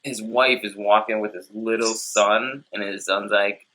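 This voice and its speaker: A man with a low-set, forceful bright voice, chatting casually as the co-host of a comedic beer tasting show. He tells loose, rambling stories and acts out the people in them. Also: steady tone, measured pace. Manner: rambling storyteller, acts out quotes.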